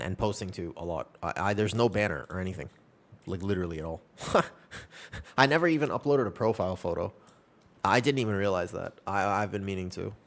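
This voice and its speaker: A young man streaming a game, chatting casually with his viewers in a rambling, upbeat and reassuring way. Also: deep voice. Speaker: live streamer. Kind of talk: casual live-stream chat.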